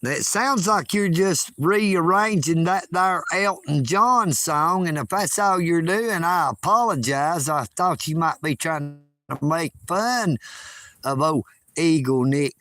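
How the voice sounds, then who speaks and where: Livestreaming outdoors by a lake, a man from Georgia in the United States chats in a Southern accent, folksy and boastful, ribbing his viewers. He speaks slowly in a slightly high, sharp voice with lively intonation, and the recording is dry.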